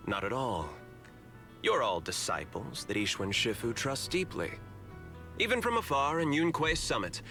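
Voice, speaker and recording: A smooth, polite corporate host. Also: male voice, mid-range voice, bright, forceful tone. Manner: courteous, measured. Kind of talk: game voice acting.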